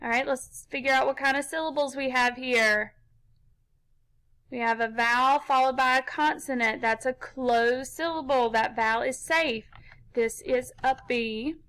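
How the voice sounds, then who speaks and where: A woman leads a children's phonics lesson in a high voice. She talks at an unhurried pace and sounds bright and clear. She explains each step with patience. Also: fairly even intonation, poor audio. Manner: slow, patient, step-by-step instruction. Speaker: teacher.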